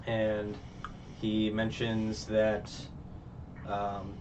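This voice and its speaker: A man's voice: on the low side, monotone, extremely slow. A man casually recapping a show as a reviewer, rambling with many fillers and restarts. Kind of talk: casual chat. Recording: muffled distant mic, faint background noise.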